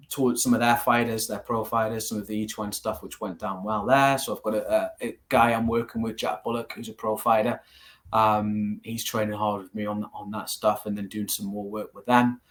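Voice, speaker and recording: A man's voice: lowish voice, moderate pace. A man with a Geordie accent, a martial arts teacher, telling stories as a guest in a casual interview. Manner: storytelling, animated, laughs easily.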